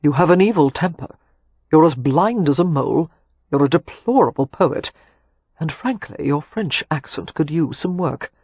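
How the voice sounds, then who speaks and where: Narrator voicing a wry teasing gentleman. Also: fairly high pitch, expressive, moderate pace, husky, dry recording. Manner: dry teasing quips, earnest. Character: adult male suitor, teasing and wry. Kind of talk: audiobook character dialogue.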